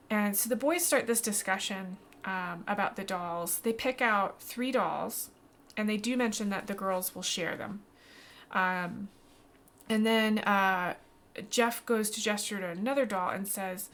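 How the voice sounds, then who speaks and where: A woman running a tabletop game as game master, narrating scenes in a lively, animated way. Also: medium pitch, a little slow. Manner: lively, animated, voices many characters.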